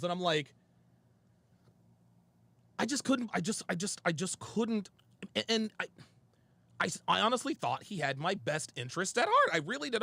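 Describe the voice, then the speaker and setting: Animated, gravelly-voiced man telling a story. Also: high-pitched, moderate pace, long pauses, dry recording. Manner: animated storytelling, quoting a friend and himself; profane and emphatic. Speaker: show host. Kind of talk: heated monologue. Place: studio.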